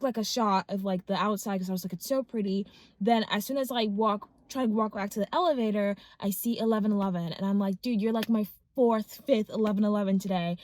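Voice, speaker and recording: Excited young woman vlogging on her phone. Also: medium pitch, no echo. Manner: excited, rambling, full of fillers. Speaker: law student vlogger. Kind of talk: casual vlog chat. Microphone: phone front camera.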